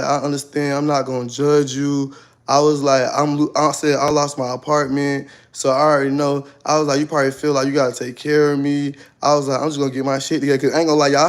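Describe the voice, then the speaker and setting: Guy on a live stream spilling his story, dramatic and loud at times, kinda high voice. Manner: animated, dramatic, loud outbursts. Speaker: livestreamer. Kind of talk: livestream storytelling to viewers.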